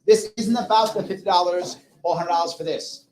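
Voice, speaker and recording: A man's voice: high voice, a little fast, rough recording. A man running a fundraising auction at a political rally, coaxing bids with jokes. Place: brewery rally. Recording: lively crowd around.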